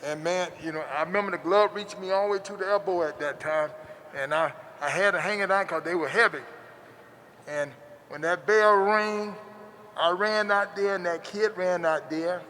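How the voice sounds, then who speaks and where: A man's voice: sits high, normal speed, bright, forceful tone, big-room sound, slight background noise. A man, an interview guest, telling a childhood story in a folksy, repetitive way with many restarts. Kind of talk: casual storytelling.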